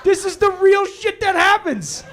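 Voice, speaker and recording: A middle-aged man doing a stand-up comedy set on a club stage into a handheld mic, telling stories in a laid-back way that breaks into shouting. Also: very high voice, measured pace, a faint crowd.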